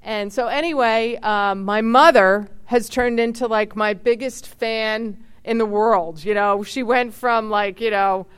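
A woman in her fifties telling personal stories in a chatty, expressive way. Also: on the high side, measured pace, few pauses, clean tone. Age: 50s. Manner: chatty, expressive, many fillers and asides. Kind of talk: casual personal storytelling.

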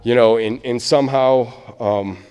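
A man's voice: medium pitch, steady tone, unhurried, a little mellow, clean tone. Man from Michigan, recovery speaker, rambling and filler-heavy, echoey hall recording. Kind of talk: personal testimony storytelling.

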